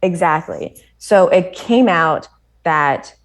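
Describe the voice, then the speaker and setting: A woman with an American accent, a guest on a podcast, telling a story in animated casual chat, full of "like" and laughter. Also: fairly low pitch, slow pace. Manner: animated storytelling, many "like" fillers, frequent laughter.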